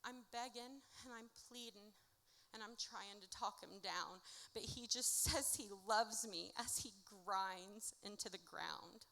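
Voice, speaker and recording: Woman reading her poems on stage, sharp voice, goes from hushed to loud, long reverb from the hall. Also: mid-range voice, slow pace, vocal fry, hardly any pauses. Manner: dramatic, rhythmic delivery swinging from hushed to loud. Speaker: author reading her own work. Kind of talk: live spoken-word poetry reading. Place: indoor music venue at a live event. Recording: reverberant live venue recording.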